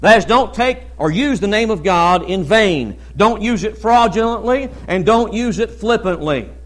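A male pastor preaching a Baptist sermon in a conversational way, often asking "amen?" and pausing with "uh". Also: high-pitched, expressive.

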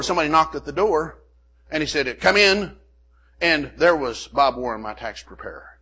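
A man's voice: a little high, bright, forceful tone. An older man preaching a sermon, telling a folksy personal story full of "amen" and "you know" asides. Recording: muffled lo-fi recording.

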